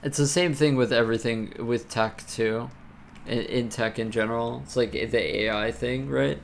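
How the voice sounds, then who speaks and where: A man's voice: medium pitch, fairly even intonation, moderate pace, vocal fry, a little hiss or hum. A man live-streaming while programming, chatting casually and ranting with lots of swearing and filler words.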